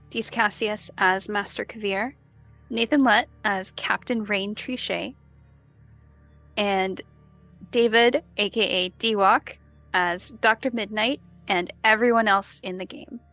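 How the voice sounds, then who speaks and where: A woman from a tabletop game podcast, reading the cast credits in an unhurried, friendly way. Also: mid-range voice, a bit bright.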